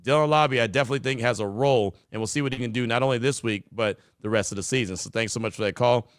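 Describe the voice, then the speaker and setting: A relaxed male podcast host chats through sports talk in a loose, conversational way with plenty of ums and uhs. His voice sits at a middle pitch, and it is recorded dry and close. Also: fast talker, no echo. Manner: relaxed, conversational, many fillers. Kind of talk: casual call-in show talk.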